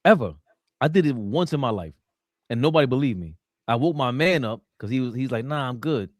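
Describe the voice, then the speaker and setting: A man from New co-hosts a casual podcast. He jokes around and acts out friends' lines, and his pitch swings widely. The sound is dry, with no room echo. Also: fairly quick. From New York (Queens). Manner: animated, joking, acts out quoted friends. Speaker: podcast co-host.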